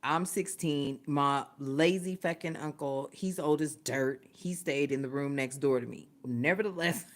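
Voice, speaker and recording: A woman's voice: deep voice, unhurried, few pauses. A woman hosting a livestream, telling a story in casual, profane talk and laughing often. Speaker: livestream host. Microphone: phone or webcam, livestream.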